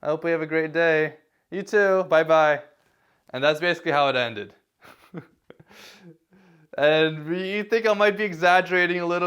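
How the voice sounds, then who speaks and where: Chuckling at times, a man offers self-deprecating advice in a casual talking-head vlog, often restarting and leaning on fillers. The voice is a little high, with a fairly bright, clean tone.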